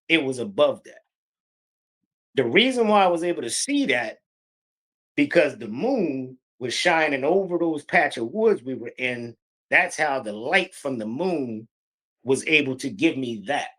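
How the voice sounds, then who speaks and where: A middle-aged man from Pennsylvania telling a true encounter story in a halting, breathless, vivid way. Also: on the high side, pushed and bright. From Pennsylvania, USA. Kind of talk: animated personal storytelling.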